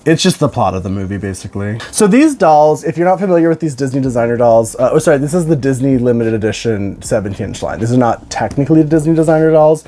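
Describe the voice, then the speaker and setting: A tired young woman and doll collector, chatting casually in an unboxing vlog. She is excitable and emotional, swears freely, and laughs often. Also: extremely low pitch, fast, few pauses.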